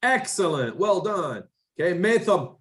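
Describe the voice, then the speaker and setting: A man with a fairly high voice teaches an English class and swings his pitch up and down as he talks. He drills pronunciation, corrects the students and repeats each word back to them. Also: a little slow, slight background noise. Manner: animated, lively intonation. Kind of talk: classroom drill over a video call.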